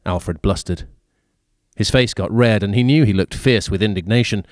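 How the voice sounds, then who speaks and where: Male storyteller, low voice, measured story reading. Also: no room sound, clean studio sound. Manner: even, measured reading with occasional fillers. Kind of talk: reading a short story aloud.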